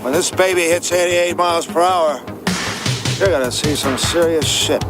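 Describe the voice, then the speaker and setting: An actor playing an excitable eccentric inventor in a film clip, speaking with intense emphasis. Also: male voice, a little high, normal speed, over loud music, lightly acted. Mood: excited.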